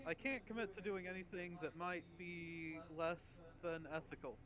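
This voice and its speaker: A man's voice: sits high, fairly even intonation, moderate pace, fairly bright tone. A man playing in a tabletop game, answering in character with hesitant, stammering speech. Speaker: player.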